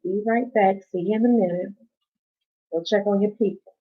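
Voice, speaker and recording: A woman's voice: mid-range voice, steady tone, normal speed. A woman hosting a casual live stream from home, rambling, chatting to viewers and swearing casually. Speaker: livestream host. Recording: dull lo-fi stream audio.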